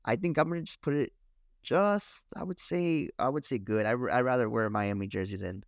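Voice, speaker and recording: A man's voice: mid-range voice, fairly quick, creaky, no room sound, clean studio sound. A man co-hosting a podcast, chatting casually and hedging his opinions. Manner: relaxed, hedging with "honestly". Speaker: podcast co-host. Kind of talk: casual chat.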